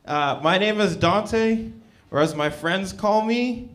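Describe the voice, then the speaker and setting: Slow, laid-back young man doing stand-up. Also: high-pitched, fairly bright tone. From Canada. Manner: laid-back, halting delivery with many ums. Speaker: stand-up comedian. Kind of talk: stand-up set at an open mic. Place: small comedy venue with a live audience.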